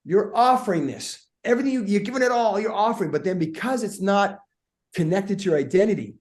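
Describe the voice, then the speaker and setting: A middle-aged man, a guest speaker, telling energetic stories in a podcast conversation and acting out the voices in them. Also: sits high, fairly quick. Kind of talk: animated storytelling in a podcast conversation.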